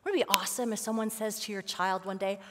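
A woman giving a lively, conversational sermon as a guest speaker, telling stories with casual fillers. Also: medium pitch, fast talker, long reverb tail, noisy background. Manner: animated, casual storytelling with fillers. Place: church sanctuary.

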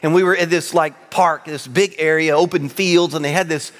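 A pastor delivers his sermon in a slightly high male voice, spinning comic stories about himself with animated energy. His words ring out through a large sanctuary with a long, lingering reverb. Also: normal speed. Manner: animated storytelling with self-mocking humor.

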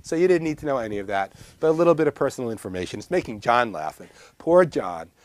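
In a filmed lecture on herbal first aid, a Long Island man with a New York accent wanders casually between topics, makes self-deprecating asides and gestures constantly. His mid-range voice swings widely in pitch and moves at a quick pace, with no room sound.

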